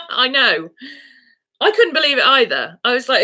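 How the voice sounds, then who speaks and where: A woman's voice: high-pitched, very animated, measured pace, pushed and bright. A woman vlogger chatting casually to camera, rambling through a story and cooing baby talk at her dogs.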